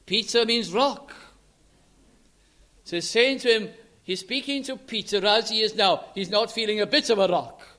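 A man's voice: high-pitched, fairly bright tone. A man preaching an earnest sermon, quoting scripture in old-fashioned English and building to emphatic passages.

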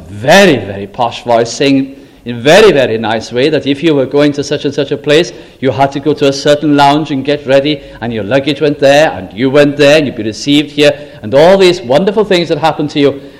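An older man from Britain preaching a sermon, telling stories with slow, emphatic phrases and self-deprecating asides. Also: a little high.

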